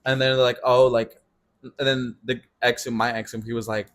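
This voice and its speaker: Animated young man telling a story. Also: mid-range voice, normal speed. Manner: animated storytelling, laughs often, swears casually. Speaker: podcast co-host. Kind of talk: casual chat.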